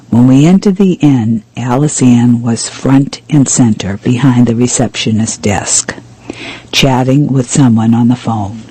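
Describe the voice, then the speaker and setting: A man reading a mystery novel aloud in steady, even first-person narration. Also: mid-range voice, a little slow, breathy edge, no echo, low-quality recording. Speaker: audiobook reader.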